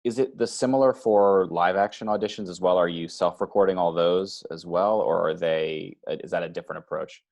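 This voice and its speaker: A man's voice: deep voice, normal speed, vocal fry, few pauses, darkish tone. A man hosting an interview, asking hesitant, rambling questions in a casual way. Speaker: interview host.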